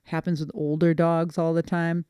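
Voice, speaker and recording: Woman dog trainer, podcast co-host; animated, laughing storyteller, resonant voice, dry close sound. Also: sits low, moderate pace, clear, resonant tone, dry recording. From Boston area. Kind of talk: casual chat.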